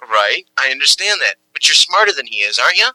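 A man coaxes and lectures with a bright, forceful voice. His pitch rises and falls a lot. The sound is dry and close. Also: big pitch swings, fast, dry recording, poor audio. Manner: pleading, lecturing, coaxing. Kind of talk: improvised comic argument.

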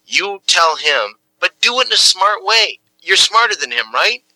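A man coaxes and lectures with a bright, forceful voice. His pitch rises and falls a lot. The sound is dry and close. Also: big pitch swings, normal speed, no room sound, low-quality recording. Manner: pleading, lecturing, coaxing. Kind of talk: improvised comic argument.

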